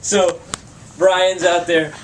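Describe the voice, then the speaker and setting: A young man telling a rowdy story with lots of swearing and laughter, his voice a bit on the high side. He sits some distance from the mic, with a faint room hum behind him. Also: flat delivery, drawn-out words. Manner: rambling and profane, laughing through his story. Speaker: band member. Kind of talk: casual storytelling in an interview.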